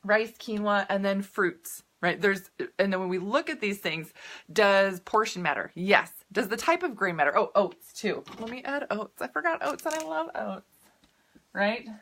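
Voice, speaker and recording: A woman nutrition coach with a bright, forward voice chats casually on a live video. She is upbeat and laughs easily, drifting into tangents as she answers viewers. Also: medium pitch, moderate pace.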